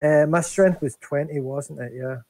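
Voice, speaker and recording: A man's voice: on the high side, fairly even intonation, normal speed, mellow, no echo. A man playing in a tabletop game, chatting casually, often hesitant and restarting his sentences. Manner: hesitant, restarts, laughs easily. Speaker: player.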